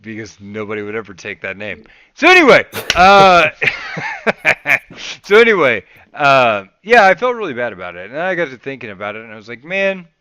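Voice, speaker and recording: A man hosting a podcast, telling a casual story with lots of swearing and loud re-enactments of his own rants. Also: mid-range voice, normal speed, clean tone, no echo. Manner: animated, swears freely, voices his past rants loudly. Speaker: podcast host.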